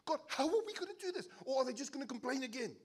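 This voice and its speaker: A man's voice: extremely high pitch, sing-song, rapid-fire, slightly rough, pitched above the performer's own voice, exaggerated voice. A man with a South African accent voicing an overwhelmed leader who pleads with frantic, rising questions.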